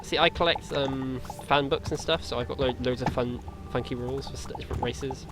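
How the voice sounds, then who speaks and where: A man's voice: medium pitch, fairly even intonation, fairly quick. Rambling young man over game music. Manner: rambling, hesitant, full of ums. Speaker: streamer. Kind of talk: casual chat while gaming.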